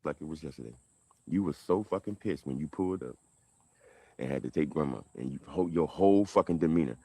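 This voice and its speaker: A man with a Southern American accent telling a heated family story on a livestream, rambling and swinging between loud and quiet. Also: a bass voice, fairly quick, husky, dry recording. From southern United States. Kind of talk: animated livestream monologue.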